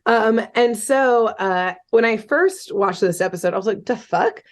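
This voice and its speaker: A woman's voice: mid-range voice, normal speed. A woman podcast host casually retelling a cartoon episode, chatty and loose, with lots of "um" and "like" and the odd swear word. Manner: chatty, swearing, many fillers like "um" and "like".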